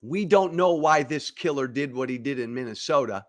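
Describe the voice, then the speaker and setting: A man's voice: medium pitch, expressive, normal speed. A middle-aged man hosting a political commentary show, speaking emphatically, with repeated phrases and stammered restarts. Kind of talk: direct-to-camera political commentary.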